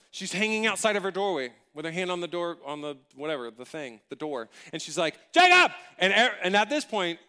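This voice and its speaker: A man preaching a sermon, telling a personal story in an animated, humorous, conversational way. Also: sits high, clean tone. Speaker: pastor.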